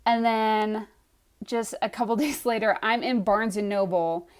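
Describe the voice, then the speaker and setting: Young woman storytime vlog, kinda high voice, super animated, keeps doing "i was like" bits. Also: unhurried, smooth. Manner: animated, acts out her own reactions with lots of "I was like". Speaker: aspiring author telling her story. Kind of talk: casual storytelling to camera.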